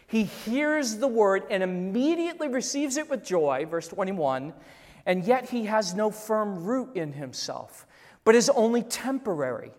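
A pastor in their fifties preaching a sermon emphatically, repeating phrases and dropping to a hush on key words. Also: mid-range voice, very animated, a little slow. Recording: long hall reverb.

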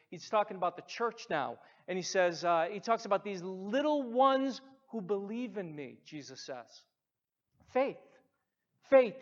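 A pastor preaching a sermon to a congregation, emphatic, repeating key words, and swinging between loud stresses and hushed asides. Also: mid-range voice. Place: church sanctuary. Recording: dull sound with long hall reverb.

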